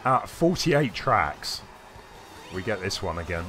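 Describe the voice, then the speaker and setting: A British man with a fairly low voice rambles through live gameplay commentary and answers viewers by name. He sounds unwell and coughs between remarks, with faint game music playing underneath. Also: very animated, a little slow, pushed and bright. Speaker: game streamer.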